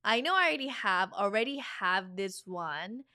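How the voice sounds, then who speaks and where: A woman's voice: medium pitch, expressive, normal speed, pushed and bright, no echo, clean studio sound. A young woman teaching a vocabulary lesson, chatty and encouraging, repeating each word three times for the learner to copy. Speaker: Korean language teacher.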